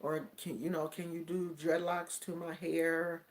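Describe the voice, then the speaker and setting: A woman's voice: sits low, little pitch movement, unhurried. A woman voicing a shy, polite teenage girl she is quoting in her story. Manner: soft and polite. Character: polite, timid teenage girl asking softly.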